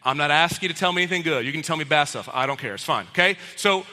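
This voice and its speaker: A man's voice: on the high side, very fast, sharp tone, in a large hall. A man preaching a sermon to a live congregation, in a casual, conversational way with playful acted-out quotes. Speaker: pastor. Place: church auditorium with live congregation.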